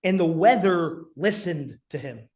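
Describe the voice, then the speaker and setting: High-voiced man preaching a sermon. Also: animated, a little slow. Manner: earnest preaching with dramatic quiet drops. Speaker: pastor.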